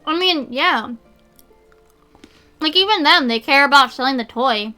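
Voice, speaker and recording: A woman's voice: high voice, lively intonation, measured pace, pushed and bright, soft background music. A woman streamer chatting casually and rambling with lots of fillers while snacking. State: eating while talking. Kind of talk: casual chat.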